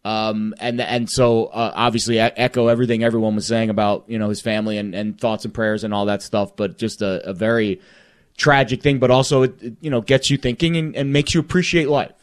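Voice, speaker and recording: A man co-hosting a sports talk show, speaking reflectively with rambling, halting phrasing. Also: fairly low pitch, fairly even intonation, clean tone. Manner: rambling, many fillers and restarts, reflective. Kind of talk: casual sports chat.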